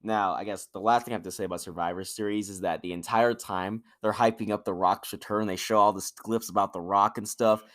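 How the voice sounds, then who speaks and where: A man's voice: fairly low pitch, fairly even intonation, fairly quick, few pauses, a bit bright. A man co-hosting a casual podcast, talking in a laid-back way with chuckling asides. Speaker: podcast co-host. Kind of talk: casual wrestling chat.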